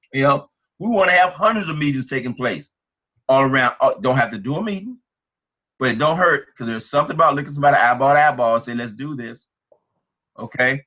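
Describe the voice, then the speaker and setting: Bright fired-up man giving a pep talk. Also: on the high side. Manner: energetic, repetitive, fired up. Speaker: team leader on a business training call.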